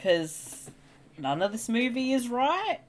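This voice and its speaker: A woman's voice: fairly high pitch, sing-song, slow pace. A woman giving casual, bemused commentary on a movie, swearing freely and laughing often. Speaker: co-host. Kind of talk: movie watch-along commentary.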